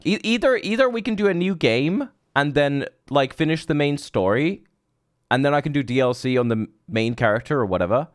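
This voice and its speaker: A man's voice: on the high side, lively intonation, brisk, clear, resonant tone, no room sound, clean studio sound. Profane rambling streamer man. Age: 30s. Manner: rambling, profane, chatty with chat. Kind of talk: live gameplay commentary.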